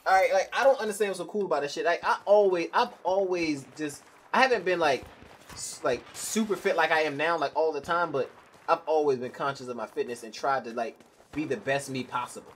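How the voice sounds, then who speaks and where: A man's voice: a little high, brisk, a little hiss or hum. A young man ranting bluntly and profanely while commenting on his own gameplay. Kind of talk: live gameplay commentary rant.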